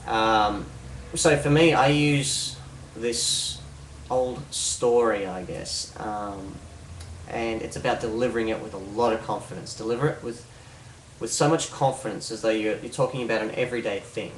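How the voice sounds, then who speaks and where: A man's voice: lowish voice, normal speed, a little hiss or hum. Man rambling through a how-to, roomy and distant. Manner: rambling, frequent fillers and restarts. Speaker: hypnosis instructor. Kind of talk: casual how-to explanation. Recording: roomy, distant mic with faint ambience.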